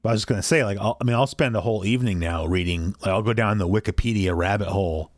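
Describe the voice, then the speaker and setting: Man, podcast co-host, lowish voice, rambling, self-deprecating, casual chat, dry close sound. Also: very fast, no room sound. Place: small home basement.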